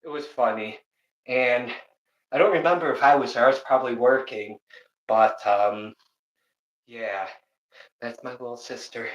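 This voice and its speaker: A man live-streaming a home workout, counting reps aloud and telling animated family stories in casual chat. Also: medium pitch, measured pace, long pauses, muffled recording. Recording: roomy echo.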